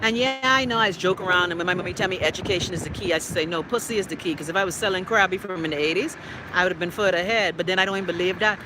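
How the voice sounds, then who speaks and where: A middle-aged woman with a Bahamian accent hosts a live talk show stream, ranting brashly and profanely while teasing viewers by name. Her low-leaning voice races along over background noise.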